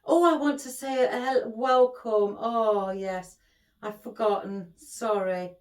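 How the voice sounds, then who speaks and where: A middle-aged woman hosts a craft tutorial, chatting and rambling with obvious affection for her viewers. Her voice is a little high and a little mellow, she takes her time, and the room is echoey.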